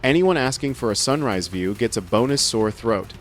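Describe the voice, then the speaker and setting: A man's voice: mid-range voice, expressive, moderate pace, a little hiss or hum. A man giving scripted first-person narration with a wry, sardonic humor.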